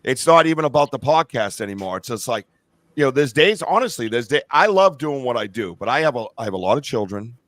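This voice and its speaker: A man's voice: mid-range voice, very animated, fast, fairly bright tone, no room sound. A middle-aged man hosting a live-stream podcast, chatting casually in a rambling, profane and enthusiastic way. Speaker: podcast host. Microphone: remote stream call.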